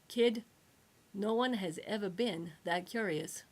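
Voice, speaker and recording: A woman voicing a brash male salvage boss who talks loudly and blusters. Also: mid-range voice, slow.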